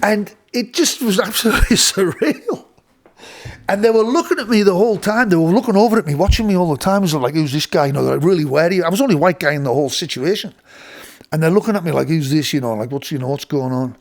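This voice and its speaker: A man's voice: high voice, expressive, fast talker. A middle-aged man, telling a rambling studio story with many restarts and playful voice impressions. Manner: rambling, full of restarts, mimics voices with laughter. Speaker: host. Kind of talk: casual storytelling.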